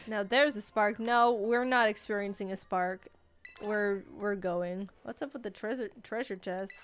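Young woman, gaming commentary, excitable, higher voice, faint background music. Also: a little slow. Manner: excitable, squeals high at cute creatures. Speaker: gaming YouTuber. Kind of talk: playing a video game with commentary. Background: faint game music.

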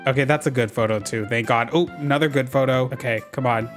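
A gaming YouTuber giving casual let's-play commentary, excitable and dramatic, using lots of slang and talking to the characters on screen. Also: mid-range voice, fast talker, soft background music. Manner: talks to game characters while playing.

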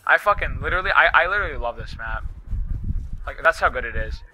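A young man commentates a live shooter match, his voice very bright and set a little high for a man. He swears freely and snaps into frustrated outbursts, with faint game noise underneath. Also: expressive, fast talker. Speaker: gaming YouTuber.

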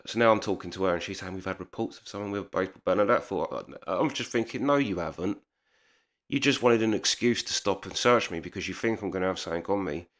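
A man telling a heated personal story in casual speech, swearing often and acting out the dialogue. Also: on the low side. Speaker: storyteller vlogger.

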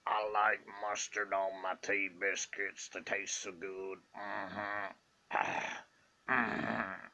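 A man doing an impression of a slow, gentle Southern man from a movie, grunting mm-hmms in a gravelly voice. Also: fairly low pitch, level tone, full character voice. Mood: slow, contented. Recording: dull lo-fi recording.

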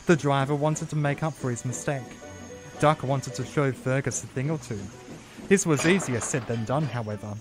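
A man reading a children's train story aloud as narrator, with a calm, steady delivery. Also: medium pitch. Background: music.

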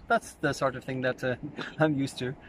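A man's voice: medium pitch, flat delivery, moderate pace, background noise. A man with a Tipperary Irish accent, a tour guide chatting casually and humorously with plenty of rambling. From Ireland.

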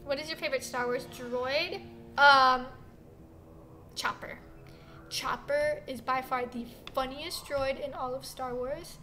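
Streamer, young woman, very high voice, unhurried delivery, dramatic reactions, noisy room. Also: sharp tone. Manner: dramatic, groaning and shrieking at the game. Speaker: gaming streamer. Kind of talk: gameplay commentary.

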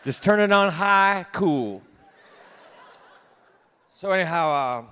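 A man in his thirties doing a stand-up set on a theater stage, delivering deadpan one-liners that trail off into small laughs at himself. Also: high-pitched, slow pace, pauses often, slight background noise. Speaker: stand-up comedian. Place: large theater stage, live audience.

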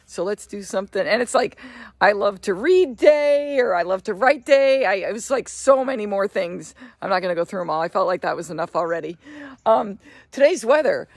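A chatty middle-aged woman talking to camera, full of laughs and offhand asides. Her voice sits at an ordinary pitch, and the room around her is dry and close. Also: dry recording. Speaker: vlogger. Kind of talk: casual morning chat to camera.

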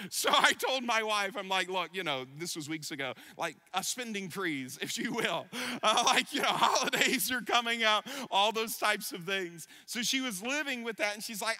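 A man's voice: high-pitched, animated, normal speed, pushed and bright. A middle-aged male pastor preaching a sermon, telling a personal story and then building to emphatic exhortation.

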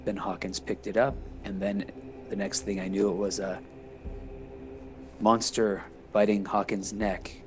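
Male player, lower voice, blunt and confrontational in character. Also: level tone, measured pace, pauses often, poor audio. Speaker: tabletop game player. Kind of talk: in-character role-play. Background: faint background music.

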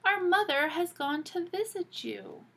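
A woman's voice: very high-pitched, very animated, a little slow, creaky, a bit bright, pitched above the performer's own voice, exaggerated voice. A woman voicing a clever eldest girl who keeps asking curious questions. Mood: questioning.

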